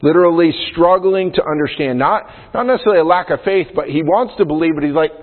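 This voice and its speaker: A male pastor with a slightly high voice preaches quickly with few pauses, explaining Scripture conversationally and often checking in with "right?" The audio sounds phone-like, captured in a hall with long reverb.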